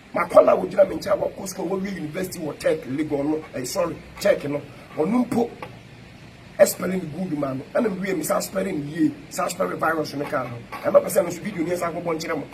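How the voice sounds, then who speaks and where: A man's voice: on the high side, a little hiss or hum, rough recording. A Ghanaian-accented man, a pastor, giving an emphatic rebuttal to camera with chanted, repeated parallel phrases.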